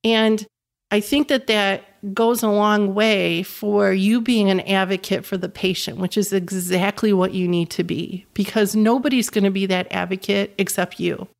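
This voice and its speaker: A woman in her fifties recounting a personal story in conversation. She speaks earnestly and with emphasis, often repeating words to drive a point home, at an ordinary middle pitch. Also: steady tone, moderate pace, gravelly. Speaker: guest, caregiving mother.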